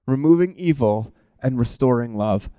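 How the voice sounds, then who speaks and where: A man preaching a conversational sermon in an animated, informal way, often breaking off mid-thought and laughing at himself. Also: mid-range voice, moderate pace, clean tone, dry recording.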